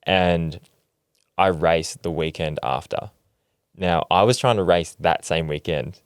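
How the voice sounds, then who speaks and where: A man's voice: low-pitched, slow, clean tone, no room sound, clean studio sound. A man hosts a podcast in an easygoing, affirming way, telling stories from his racing days. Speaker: podcast host, former racer. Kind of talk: conversational interview.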